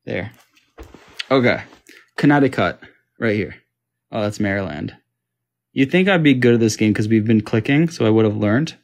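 A young Australian man playing a map quiz, thinking aloud and getting frustrated, his voice jumping high when he can't find a place. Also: lively intonation, normal speed, vocal fry, long pauses. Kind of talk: casual gaming commentary.

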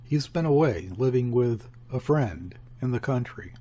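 Guarded shopkeeper's wife, read by a husky man. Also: medium pitch, a little slow. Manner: calm, quiet replies.

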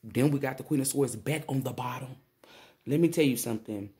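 Woman tarot reader, casual monologue; profane, exclaiming, a little shaky with excitement. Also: rumbling low, brisk.

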